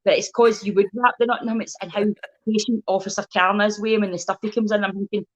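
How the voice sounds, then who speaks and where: A woman's voice: mid-range voice, quick pace. A Scottish woman comedian chatting as a guest, blunt and sweary, telling stories with lots of energy. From Scotland. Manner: blunt, sweary, animated storytelling. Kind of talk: casual chat.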